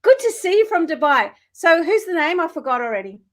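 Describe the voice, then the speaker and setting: A woman's voice: extremely high pitch, very animated, fairly quick. A woman co-hosting a live stream and reading spiritual cards for viewers, earnest and emotional with the odd swear.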